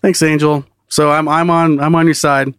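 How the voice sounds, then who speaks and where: A man's voice: on the high side, level tone, fairly bright tone, clear, resonant tone, no room sound, studio quality. A man co-hosting a comedy podcast, telling stories in casual, profane chat and laughing often. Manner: loose and profane, laughing often, quick bursts of story. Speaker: podcast co-host.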